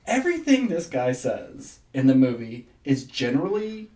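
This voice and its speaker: Animated man, roomy off-mic sound. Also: medium pitch, moderate pace, distant mic. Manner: animated, laughs often, mimics voices. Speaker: podcast co-host. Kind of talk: casual chat.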